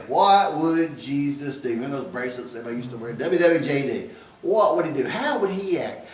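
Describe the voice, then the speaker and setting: Pastor preaching in an echoey church. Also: male voice, medium pitch. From Georgia, US. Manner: folksy, storytelling, quoting scripture. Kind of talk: sermon. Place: church sanctuary. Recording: echoey church room, mic at a distance.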